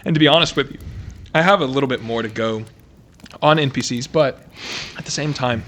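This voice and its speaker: A man's voice: mid-range voice, a little fast, a bit bright, a little hiss or hum. A man from Tennessee, co-hosting a casual chat and steering the talk back on course. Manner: steers the talk, laughs often. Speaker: podcast co-host.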